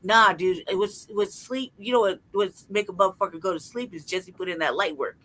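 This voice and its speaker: A woman's voice: mid-range voice, brisk, poor audio. A young woman co-hosting a podcast, telling stories in casual chat with lots of swearing and laughter. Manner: profane, animated storytelling with frequent laughter. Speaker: podcast co-host.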